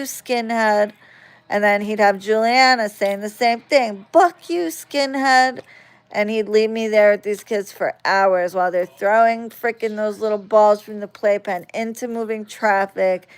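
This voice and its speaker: A woman casually telling a story on a phone vlog, swearing freely and getting animated as she retells it. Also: mid-range voice, moderate pace, hardly any pauses, smooth. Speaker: vlogger.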